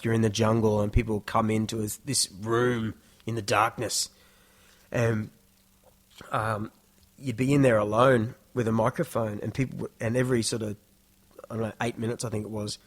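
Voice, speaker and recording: Rambling Australian podcaster, man. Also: mid-range voice. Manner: rambling, self-deprecating storytelling. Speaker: podcast host. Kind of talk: casual solo podcast monologue.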